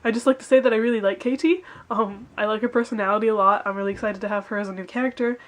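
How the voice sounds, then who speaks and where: Woman, quick casual recap chat, mid-pitched, "like"-heavy, speedy delivery. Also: fairly even intonation. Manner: chatty, fills with "like" and "kinda". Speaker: TV episode recapper.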